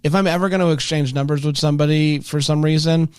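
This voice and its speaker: A podcast co-host recaps a movie in a casual chat, joking, rambling and tossing in playful asides. His fairly high voice is smooth and steady and moves at a quick pace. The studio sound is clean, with no room sound.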